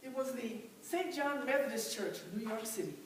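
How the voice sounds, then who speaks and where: A fervent, determined mother who was once enslaved speaks in an impassioned first-person stage monologue, played by a woman. Her high voice breaks often into cries of "oh." She sounds far from the mic in a very echoey church with a faint hum behind. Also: lively intonation, moderate pace, natural voice. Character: devout formerly enslaved mother, fierce and determined. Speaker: church dramatic performer. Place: large church sanctuary.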